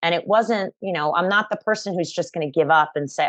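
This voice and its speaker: A woman fitness instructor as an interview guest, talking in an energetic, emphatic, upbeat way over a remote call. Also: lowish voice, fairly quick, dry recording. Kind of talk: conversational interview.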